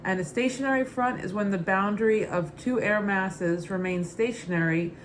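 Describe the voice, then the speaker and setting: A woman's voice: mid-range voice, moderate pace, slight background noise. A woman who is a private pilot, reading her study notes aloud in a casual, upbeat, matter-of-fact way.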